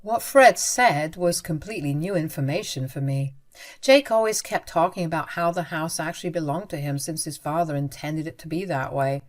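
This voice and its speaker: A woman narrating a first-person story script, earnest and confiding. Her voice sits a little low for a woman, and the reading is scripted and even.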